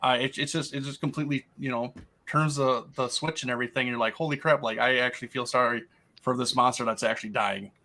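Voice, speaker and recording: Excited podcast guy, bright voice, says like a lot. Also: medium pitch, fast. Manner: enthusiastic, lots of "like" and "holy crap". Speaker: podcast co-host. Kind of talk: casual film discussion.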